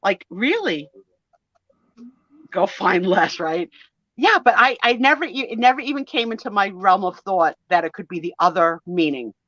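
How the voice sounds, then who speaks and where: A woman in her sixties chatting casually on a live stream, an animated storyteller who acts out the voices in her stories. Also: medium pitch, moderate pace, no room sound, lo-fi sound. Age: 60s. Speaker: co-host of a live sale and chat stream. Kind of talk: casual chat.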